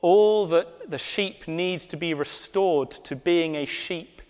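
A man delivers a sermon in a slow, unhurried cadence, his voice sitting a little high for a man. He leans into quiet, almost whispered emphases. The sound carries a long church-hall reverb. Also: clear, resonant tone. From Britain. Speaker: pastor.

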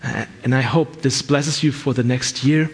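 A man's voice: mid-range voice, steady tone, normal speed, breathy edge. A man preaching a sermon in an earnest, conversational way, often restarting his sentences.

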